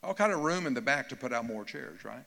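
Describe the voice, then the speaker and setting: A man's voice: medium pitch, animated, quick pace, vocal fry, pushed and bright. A man, preaching a fervent sermon and pressing the congregation with repeated questions. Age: 70s. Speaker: pastor. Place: church sanctuary. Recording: long hall reverb, faint music.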